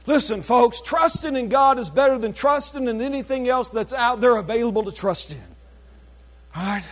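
A man preaching a sermon, reading scripture aloud and calling out to his congregation with shouted exclamations, while losing his voice. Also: very high-pitched, lively intonation, moderate pace. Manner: reads scripture in King James wording.

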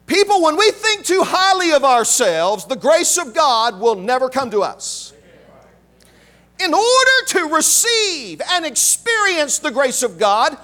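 A male preacher delivering a sermon in a strikingly high, bright voice. He speaks slowly and emphatically, and his pitch swings widely. He keeps repeating key phrases and calling out to the congregation.

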